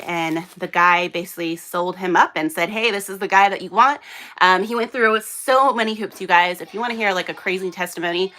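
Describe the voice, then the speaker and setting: A woman's voice: lowish voice, bright, forceful tone. A young woman hosting a casual live unboxing from a small room under hot lights, rambling and chatty with lots of fillers. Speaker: host.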